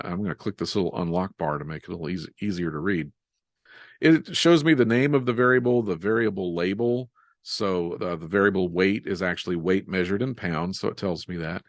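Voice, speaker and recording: A man leads a live software webinar in a fairly low voice. He sounds relaxed and joins the steps together as he types, poking fun at his own typos. The sound is dry and close, with no room echo. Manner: relaxed, self-deprecating, walks through steps while typing. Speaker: software instructor.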